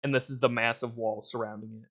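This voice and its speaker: A young man narrating a tabletop game as game master, casual and relaxed, laughing easily. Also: mid-range voice, a little fast.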